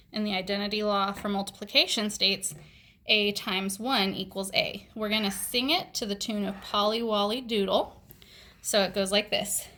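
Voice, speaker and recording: A woman's voice: medium pitch, pushed and bright. A woman leading children in call-and-response memory drills, chanting and singing facts in a playful, coaxing way. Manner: playful, coaxing children to repeat in silly voices. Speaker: homeschool memory-work tutor. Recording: echoey room, voice from far off the mic.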